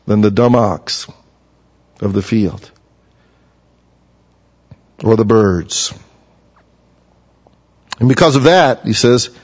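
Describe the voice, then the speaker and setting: A man delivers a sermon with earnest conviction, and his voice jumps higher whenever he speaks for someone he quotes. He is recorded in a reverberant hall that leaves a long echo, and the sound is slightly muffled. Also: creaky, darkish tone. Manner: earnest, rises in pitch to voice quoted figures. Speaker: preacher.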